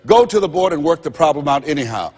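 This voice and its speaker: An older man giving a motivational seminar speech to a live audience, preacher-like, with dramatic pauses and repeated phrases. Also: a little high, big pitch swings, a little mellow, slightly rough, lo-fi sound. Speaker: motivational speaker. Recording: long hall reverb. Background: audience laughter.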